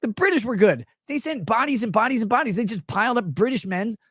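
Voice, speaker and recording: A man hosting a commentary show launches into a profane, sarcastic rant, his pitch swinging widely as he jeers. The sound is close and dry, with no room around the voice. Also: expressive, fast, fairly bright tone, slightly rough, no room sound. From United States. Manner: profane, sarcastic, mocking asides. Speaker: show host. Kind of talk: ranting political commentary.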